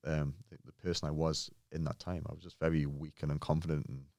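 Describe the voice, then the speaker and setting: An English pro bodybuilder, a podcast guest, tells personal stories in a very deep, slightly mellow voice, speaking quickly with a flat delivery. The conversation is casual and earnest, he imitates other people's voices in his anecdotes, and the studio-quality recording is dry.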